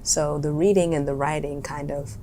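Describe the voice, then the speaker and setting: A woman's voice: deep voice, steady tone, moderate pace, mellow, slight background noise. A young woman from Harlem, an actor and writer, talking in a thoughtful, searching way as an interview guest and often restarting her phrases. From Harlem, New York. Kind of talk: reflective interview talk.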